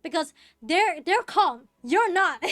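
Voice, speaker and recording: A woman's voice: very high-pitched, expressive, slow pace, a bit bright, soft background music. A young woman streaming, chatting casually and rambling with lots of fillers, restarts and laughs. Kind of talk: casual chat while gaming.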